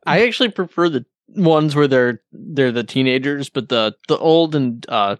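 A man's voice: medium pitch, animated, moderate pace, no echo. A man co-hosting a casual comedy podcast, laid-back, mostly giving short agreeing replies. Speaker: podcast co-host.

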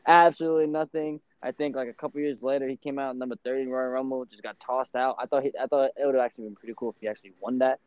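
Animated man on a lo-fi podcast mic. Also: mid-range voice, very fast, hardly any pauses, smooth, dry recording. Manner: animated, emphatic, laughs often. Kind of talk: casual wrestling podcast chat.

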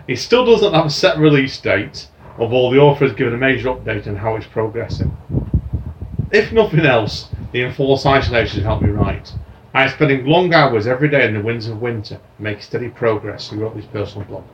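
A man's voice: mid-range voice, lively intonation, fairly quick, dull audio, slight background noise. A man hosting a casual podcast, reading out news items in a chatty, rambling way. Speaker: podcast host.

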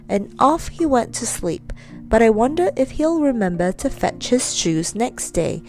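A woman reading a children's story aloud, expressive and storytelling. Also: on the high side, unhurried.

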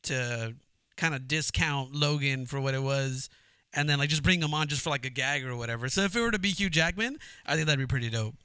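A man's voice: mid-range voice, fairly quick, bright, forceful tone, smooth, no room sound. A man co-hosting a podcast, talking in a laid-back, slangy way with lots of fillers. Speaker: podcast co-host. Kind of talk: casual chat.

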